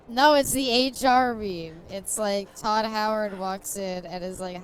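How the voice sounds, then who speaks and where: A woman's voice: mid-range voice, slow. Giggly woman rambling over gameplay. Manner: rambling, giggly, jokey storytelling. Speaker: streamer playing a game. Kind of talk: casual gameplay commentary.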